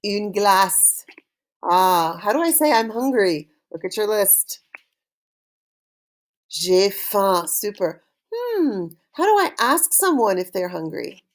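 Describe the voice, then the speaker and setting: Students watching a recorded lesson hear a woman drilling French vocabulary in a call-and-repeat style. She says every word slowly, leaves space for repetition, and praises the class cheerfully, her pitch lively and rising and falling.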